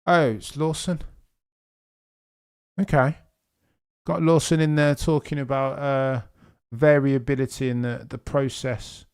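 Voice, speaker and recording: A man's voice: medium pitch, fairly even intonation, measured pace, long pauses, a little mellow, smooth. A young man hosting a live watchalong stream, chatting casually and answering viewers' messages. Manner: chatty, reads chat messages aloud and answers them. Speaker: livestream host.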